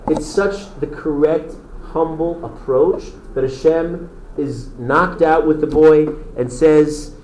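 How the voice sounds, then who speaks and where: Male teacher, fairly high voice, eager storytelling lecture, roomy echoey classroom. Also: slow, darkish tone, a little hiss or hum. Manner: enthusiastic storytelling, answers student interruptions.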